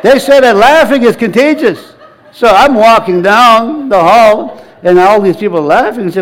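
A middle-aged man preaching a sermon, animated and laughing often, repeating and restarting his phrases as he leads the congregation. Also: high voice, moderate pace.

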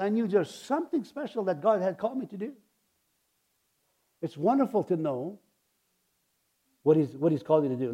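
A man preaching a sermon to his congregation, swinging between loud exclaiming and low confiding asides, with stammering restarts and chuckles. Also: breathy edge.

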